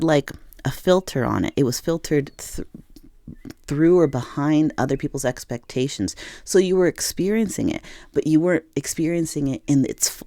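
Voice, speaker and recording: A tarot reader with a soft, mellow tone, speaking encouragingly straight to the viewer. The delivery is earnest and searching, full of restarts and repeated phrases. The sound is close and dry, with no room around it. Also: medium pitch, no room sound. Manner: gentle, encouraging, talks to the viewer as "you". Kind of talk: intuitive tarot reading to camera.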